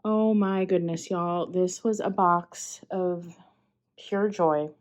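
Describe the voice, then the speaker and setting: A young woman, chatting casually as she opens packages, gushing with excited exclamations. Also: lowish voice, takes it slowly. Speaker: vlogger. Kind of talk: casual unboxing chat.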